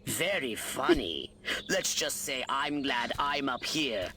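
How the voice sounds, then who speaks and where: A man's voice: mid-range voice, wildly swooping pitch, slow pace, sharp tone, slight background noise, heavily acted. An actor playing a scheming, condescending male alien leader with a mocking drawl in a video game. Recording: game audio with clear ambience.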